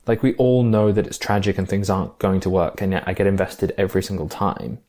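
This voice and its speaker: A man's voice: low-pitched, steady tone, fairly quick, a little mellow. A man co-hosting a casual film discussion podcast, talking with enthusiasm and thinking aloud with fillers and restarts.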